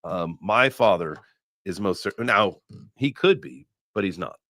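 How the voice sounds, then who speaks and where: Male stream host, bright and punchy, dry close mic, loose joking delivery. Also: sits low, animated, measured pace, no echo. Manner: joking and rambling, swears casually. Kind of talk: casual live-stream chat.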